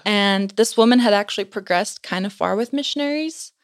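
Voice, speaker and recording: A woman's voice: medium pitch, brisk. A young woman guest on a podcast, casually telling a story and filling her speech with "like". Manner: chatty, fills speech with "like".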